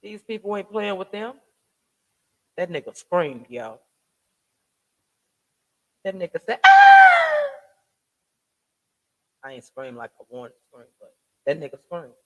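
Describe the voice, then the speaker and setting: Man, fairly high voice, casual commentary vlog host, fired-up rhetorical questions, profane slang, stumbling restarts. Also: unhurried, pauses often. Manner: emphatic, ranting rhetorical questions; slangy, profane street talk. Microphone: home desk mic with soundboard.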